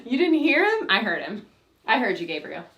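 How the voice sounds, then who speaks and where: A woman teaching a children's grammar class, cheerfully leading the kids through slow call-and-response recitation. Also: a little high, big pitch swings, muffled recording. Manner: cheerful, leads children in repeating lines slowly.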